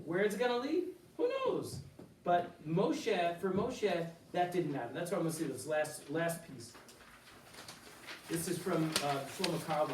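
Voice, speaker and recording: A man gives an informal Torah class, voice a touch higher than most, tossing out rhetorical questions and quoted Hebrew. He sounds set back from the mic in a roomy hall with a faint hum of ambience. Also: far from the mic. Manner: animated, full of rhetorical questions and asides; mixes in quoted Hebrew phrases. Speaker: rabbi teaching a class. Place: synagogue hall.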